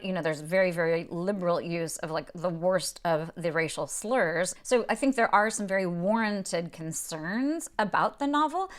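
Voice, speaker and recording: A woman's voice: lowish voice, a bit bright. A woman hosting a book podcast, explaining a novel in a thoughtful, unscripted way and reading passages aloud. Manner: thoughtful, explanatory, with frequent restarts and fillers. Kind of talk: casual literary talk with read-aloud passages.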